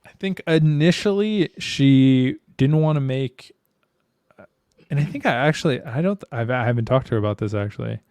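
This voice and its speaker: Man, podcast co-host, casual chat, candid, swears a lot, smooth clear voice, dry close sound. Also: mid-range voice, expressive, moderate pace, a little mellow, no room sound. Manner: candid, swears freely, slangy.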